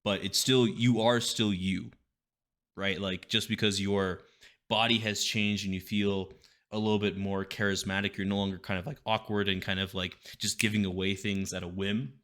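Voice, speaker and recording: A man with a deep, low voice runs a tabletop game as game master. He narrates scenes slowly and loosely, with plenty of fillers along the way. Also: flat delivery, a bit bright. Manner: slow descriptive narration with many fillers.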